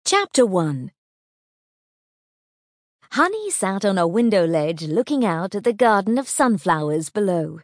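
A woman reads a children's storybook aloud with an animated, expressive lilt. Her pitch moves freely while staying in a middle range. The recording is dry and close, with no room around her. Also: a little slow, long pauses, no echo. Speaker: audiobook narrator. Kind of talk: scripted children's audiobook narration.

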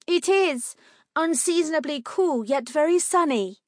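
A woman's voice: sits high, expressive, unhurried, no echo, clean studio sound, pitched above the performer's own voice. A woman reading aloud, voicing a stubborn, proper ten-year-old girl who speaks primly and argues firmly. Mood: regal. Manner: prim, firm and argumentative.

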